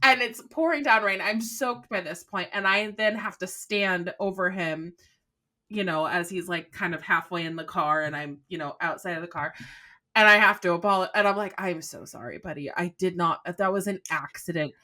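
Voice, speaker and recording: A bright, forceful-toned woman in her thirties co-hosts a podcast. She tells a story about her morning in a chatty, animated way, with a mid-pitched voice. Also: normal speed. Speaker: podcast co-host. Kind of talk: casual chat.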